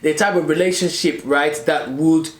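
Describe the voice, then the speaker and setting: A man's voice: fairly high pitch, fairly even intonation, moderate pace, roomy sound. A man in his thirties, a marriage coach co-hosting a casual mukbang chat, talking in an earnest, preachy way and checking in with viewers. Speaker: relationship and marriage coach, co-host.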